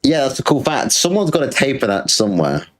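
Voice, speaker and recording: British male streamer, sarcastic crude rant, mid-pitched voice. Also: big pitch swings, a little fast. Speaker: streamer host. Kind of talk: livestream rant.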